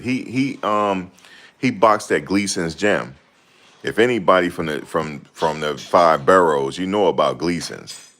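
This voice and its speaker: A man's voice: sits low, fairly bright tone. A man in casual chat, talking in a slangy, rambling way and often searching for names. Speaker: host.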